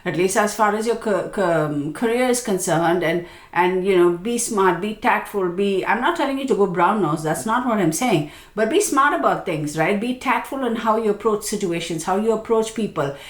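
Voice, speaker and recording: A woman's voice: mid-range voice, animated, normal speed, hardly any pauses. A woman astrologer giving a casual yearly forecast, chatty and self-mocking, often checking in with her viewers. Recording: echoey room.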